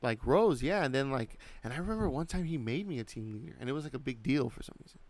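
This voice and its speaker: A man's voice: medium pitch, animated, fast, darkish tone, dry recording. A man in his thirties co-hosting a podcast, telling a long story in casual chat, packed with "like" and swearing. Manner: rambling, heavy use of "like", swears freely. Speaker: podcast co-host.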